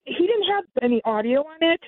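A woman's voice: high-pitched, fairly quick, dry recording. Woman telling her story over a phone line. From United States. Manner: animated, acts out quoted dialogue. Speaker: interview guest. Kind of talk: personal storytelling. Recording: tinny phone line, dry.

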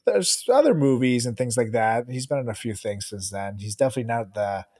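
A man's voice: mid-range voice, lively intonation, brisk, a little mellow, no room sound, clean studio sound. A man co-hosting a podcast in casual chat, loose and profane, laughing often. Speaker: podcast co-host.

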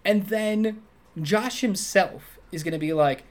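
A man co-hosting a casual movie review chat, talking animatedly and acting out quoted lines in a high voice. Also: slow pace. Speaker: podcast co-host.

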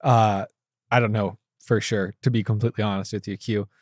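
A man in his thirties co-hosting a casual podcast, chatty and quick to laugh. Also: on the low side, little pitch movement, a little mellow, no room sound, clean studio sound. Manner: laughs easily, chatty and playful. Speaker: podcast co-host. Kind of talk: casual chat.

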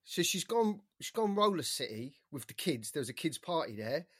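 A man, co-hosting a podcast and telling stories in an animated, sweary, casual way. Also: on the high side, moderate pace, breathy edge. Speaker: podcast co-host. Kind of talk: casual chat.

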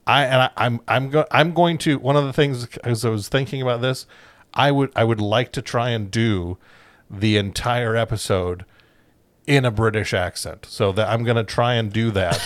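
A man's voice: mid-range voice, normal speed, no echo. A man co-hosting a casual movie podcast, hesitant and stammering as he explains his pick. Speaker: podcast co-host.

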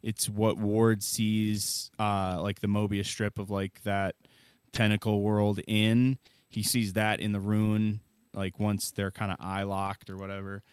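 A man's voice: on the low side, level tone, a little slow, smooth, no echo. A man co-hosting a casual film review podcast, explaining symbolism at length with lots of fillers and restarts. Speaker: podcast co-host.

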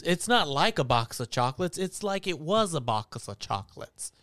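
A man's voice: fairly high pitch, expressive, moderate pace, few pauses, fairly bright tone, dry recording, clean studio sound. A man co-hosting a podcast in casual chat, teasing his friends and steering to the next topic. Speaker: podcast co-host.

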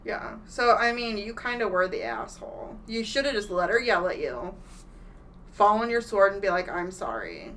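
A woman's voice: medium pitch, big pitch swings, normal speed, a bit bright, a little hiss or hum. A woman in her thirties co-hosting a casual chat, blunt and full of wry quips. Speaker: podcast co-host.

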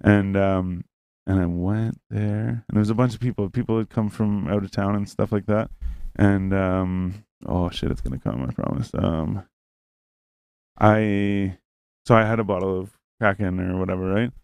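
A young man tells a rambling story with plenty of swearing. His voice sits low and comes across smooth and resonant. The sound is dry and close. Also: moderate pace, a little mellow, no room sound. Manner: rambling, profane, acts out quoted lines. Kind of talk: casual storytelling.

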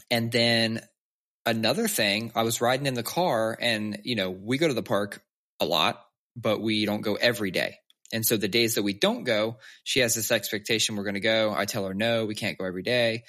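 A podcast co-host in his thirties talks candidly about his kids in casual chat, swearing freely and acting out their lines. His voice is on the low side and a bit bright.

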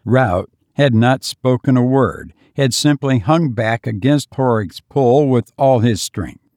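A man giving measured, deliberate scripted audiobook narration on a close studio mic. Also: mid-range voice, darkish tone, no room sound.

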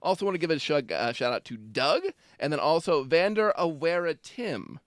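A man co-hosting a podcast, his fairly high voice rising and falling in animated swings as he jokes. He laughs often between words, and the recording is close and dry. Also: normal speed, dry recording. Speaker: podcast co-host. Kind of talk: casual chat.

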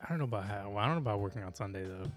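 A man steering a casual chat among friends by asking questions and teasing. His pitch moves around a lot as he talks. Soft music sits in the background. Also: expressive, rapid-fire. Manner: asks questions, playful teasing.

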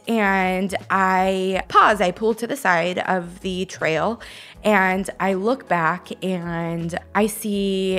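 A woman's voice: lowish voice, a bit bright. A young woman from Northern California, a radio host, tells a personal story on air and gets choked up as she talks.

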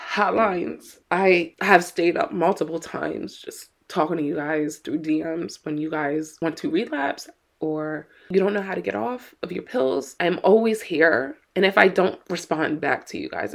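Middle-aged mom telling her recovery story, low gravelly voice, earnest and frank. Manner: earnest, candid, swears for emphasis. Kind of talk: emotional personal talk.

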